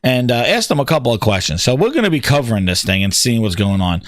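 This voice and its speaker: A man hosting a gaming show, ranting with constant swearing and excited repetition. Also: mid-range voice, fast talker, dry recording, studio quality. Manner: excitable, swears heavily, repeats himself. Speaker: podcast host. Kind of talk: profane ranting gaming commentary.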